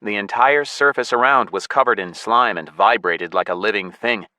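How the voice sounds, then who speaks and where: A man narrating a science fiction audiobook in the first person with a steady, even delivery. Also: fairly low pitch, normal speed, dry recording.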